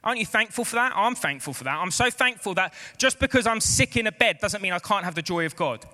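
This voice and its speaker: A man's voice: high-pitched, lively intonation, fast, bright, forceful tone. A man preaching a sermon as pastor, calling out to the congregation for amens. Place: church hall. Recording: echoey church hall.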